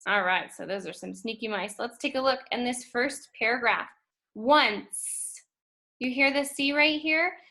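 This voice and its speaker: A woman teaching a phonics lesson to first graders, speaking slowly and clearly and stretching out letter sounds. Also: fairly high pitch, pushed and bright. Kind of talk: phonics lesson for young children.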